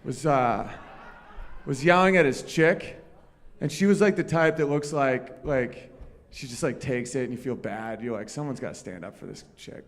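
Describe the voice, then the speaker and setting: A man's voice: medium pitch, measured pace. A man doing a live stand-up set on a comedy club stage, telling profane, rambling stories and bantering with the crowd. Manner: crude, profane, rambling storytelling.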